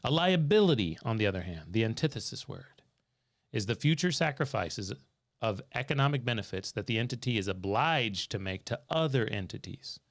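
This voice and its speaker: A man's voice: fairly low pitch, expressive, brisk. A man hosting a live financial Q&A from a studio, telling a story and reading out viewer comments from the chat. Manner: storytelling, reads out viewer comments, quizzes his co-host. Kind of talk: livestream talk with chat interaction.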